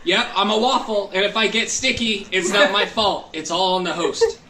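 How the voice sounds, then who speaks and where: A man's voice: sits high, moderate pace, far from the mic, very noisy. Jokey man in an echoey room. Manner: jokey, laughs mid-sentence. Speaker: co-host. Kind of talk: casual chat.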